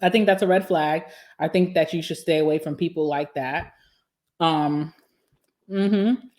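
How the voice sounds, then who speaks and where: A woman's voice: low voice, a little slow, a little mellow. Sassy young woman chatting while eating. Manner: candid, sassy, laughs often, talks while eating. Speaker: vlogger. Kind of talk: casual mukbang chat to camera.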